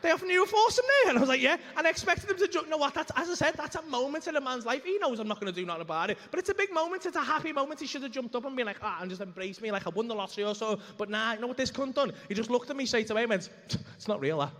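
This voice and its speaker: A man doing stand-up in a comedy club, telling a story in an animated, sweary way and acting out the voices of the people in it. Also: very high voice, very fast, few pauses. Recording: live club room with reverb.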